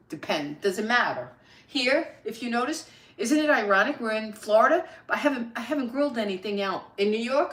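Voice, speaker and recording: A woman's voice: mid-range voice, fairly bright tone, far from the mic. A woman in her sixties, hosting a live cooking stream in her home kitchen, chatting upbeat and talking to viewers by name. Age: 60s. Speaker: host. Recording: echoey kitchen.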